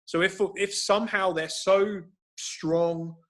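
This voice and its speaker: Man explaining breathing drills, higher voice. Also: steady tone, slow pace, fairly bright tone. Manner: instructive, thinking aloud with many restarts. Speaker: grappling coach sharing breathing techniques. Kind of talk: explanatory conversation.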